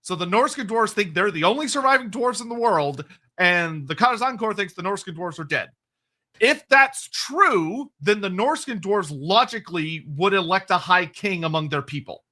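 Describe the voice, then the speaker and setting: Male stream co-host, higher bright voice, chatty and self-correcting. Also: animated. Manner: quick, digressive, laughing, self-correcting. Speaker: co-host answering chat questions. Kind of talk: casual lore chat on a livestream.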